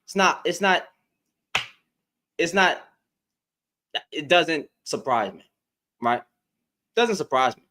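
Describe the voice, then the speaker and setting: High, lively-voiced man hosting a livestream. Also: takes it slowly, long pauses, a little hiss or hum. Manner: repetitive, taunting, talks straight to chat. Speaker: livestream host. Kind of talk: casual live-stream commentary.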